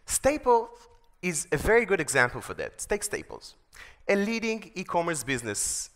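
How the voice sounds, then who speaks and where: A man delivering a conference keynote from the stage, his first language Hebrew. He tells an enthusiastic story with a fairly high, lively voice that rises and falls a great deal. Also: moderate pace. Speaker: keynote speaker.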